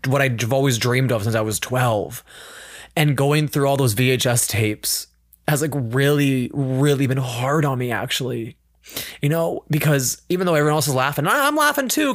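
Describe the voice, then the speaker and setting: A podcast host talks candidly and emotionally in a casual chat, holding back tears. His mid-range voice comes through a studio microphone with clean sound and no echo.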